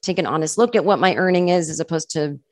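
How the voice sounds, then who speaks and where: A woman comedian guests on a podcast, telling stories in casual, chatty talk packed with "like" and acting out what people said. Her voice is deep and a little mellow, she talks fast, and the clean studio sound has no echo.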